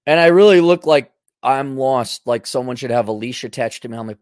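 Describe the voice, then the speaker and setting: A man's voice: mid-range voice, a little fast, darkish tone, no echo, clean studio sound. A middle-aged man hosting a rambling, sarcastic monologue. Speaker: host.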